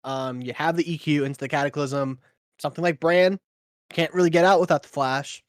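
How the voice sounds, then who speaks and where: A man casting an esports match, easygoing, laughing often and filling pauses with ums. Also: fairly high pitch, fairly even intonation, no room sound, studio quality. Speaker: esports caster. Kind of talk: play-by-play commentary.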